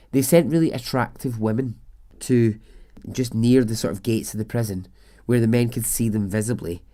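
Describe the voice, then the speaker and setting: A man's voice: lowish voice, dark tone. A man, a podcast host telling a true story in a chatty way with the odd swear word. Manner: chatty, swears, laughs at absurd details. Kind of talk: casual storytelling narration.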